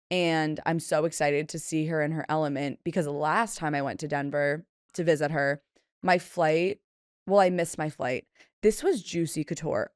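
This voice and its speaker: Woman in her twenties, low-pitched, chatty, self-deprecating podcast host, dry close sound. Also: dry recording. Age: 20s. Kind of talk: casual solo podcast storytelling.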